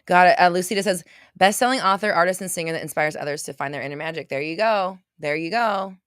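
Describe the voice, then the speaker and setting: A woman's voice: on the low side, fast talker, clear, resonant tone, no echo, studio quality. A woman hosting a casual motivational livestream, reading viewer comments aloud and answering them in an emphatic, gushing way, repeating herself and swearing now and then. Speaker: livestream host.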